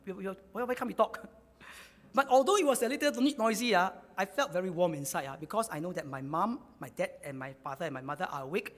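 A man's voice: high voice, animated, quick pace, few pauses, in a large hall. A man preaching a sermon, repeating key phrases for emphasis.

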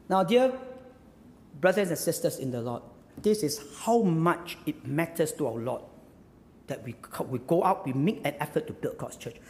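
A man's voice: a little high, in a large hall. A male pastor preaching a sermon, emphatic, repeating phrases and firing rhetorical questions.

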